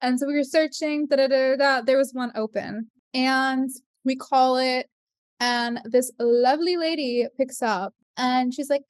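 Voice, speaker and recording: Animated high-voiced woman hosting a podcast. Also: unhurried, no room sound, studio quality. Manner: animated, acts out quoted voices with big pitch jumps. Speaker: podcast host. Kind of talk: casual storytelling chat.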